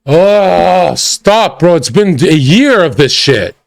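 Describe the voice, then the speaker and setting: A man's voice: on the high side, sing-song, takes it slowly, dry recording, soft background music. A man ranting and mocking as he reacts to a video on a livestream, crude and profane.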